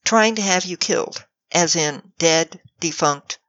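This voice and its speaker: A woman reads a storybook's sarcastic magic mirror, a snide spirit that needles with dry mockery. The voice sits low for a woman and lands close and dry, with a slightly muffled tone. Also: unhurried, fairly bright tone, no room sound.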